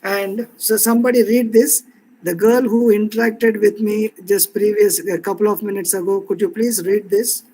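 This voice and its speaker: A man teaching a soft skills class over a video call, repeating points and filling pauses with "you know" and "uh". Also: high voice, fairly even intonation, rough recording. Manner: repetitive, explains with fillers. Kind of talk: online class instruction.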